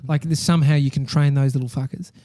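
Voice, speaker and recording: A man's voice: mid-range voice, fast. An Australian man in his thirties, a podcast host telling stories in casual chat, swearing freely. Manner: swears a lot, animated storytelling.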